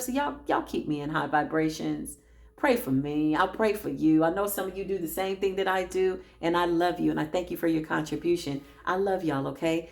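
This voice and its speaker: A woman giving a motivational spiritual talk, speaking in lively affirmations and calling out to her listeners. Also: medium pitch. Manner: animated, affirming, calls out to the audience. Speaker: spiritual practitioner.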